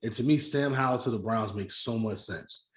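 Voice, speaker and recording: A man's voice: on the low side, normal speed, reverberant. A man co-hosting a casual sports podcast, arguing his points and often repeating himself. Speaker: podcast co-host.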